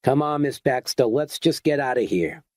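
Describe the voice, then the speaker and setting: A man voicing a blunt, cynical man who bellows orders and talks gruffly. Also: mid-range voice, animated, moderate pace, dry recording, studio quality, close to an everyday voice. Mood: stern. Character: blunt, cynical middle-aged man taking charge.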